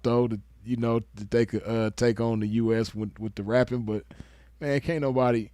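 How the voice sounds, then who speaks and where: A young man from the West Coast talks in a laid-back, slangy way, chuckling as he makes his case. His voice sits at a middle pitch, and the recording is dry and close with no room sound. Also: darkish tone, no echo. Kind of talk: casual commentary.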